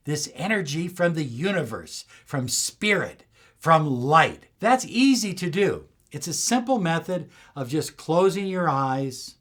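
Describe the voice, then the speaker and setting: A middle-aged man giving slow, soothing, emphatic motivational spiritual teaching. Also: a little high, fairly bright tone. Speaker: law of attraction teacher.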